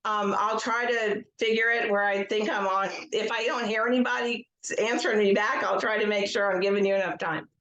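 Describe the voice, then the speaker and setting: A woman, an educational psychologist, leading a guided tapping session with slow, gentle affirmations and casual asides, speaking over a video call from home. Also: mid-range voice, steady tone, muffled recording. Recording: echoey room.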